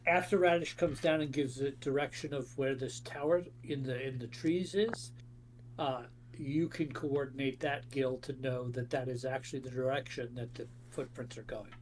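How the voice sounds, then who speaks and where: A man narrating as game master of a tabletop game, describing scenes in halting bursts with frequent restarts. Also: mid-range voice, fairly even intonation, a little hiss or hum. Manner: halting, many restarts and fillers.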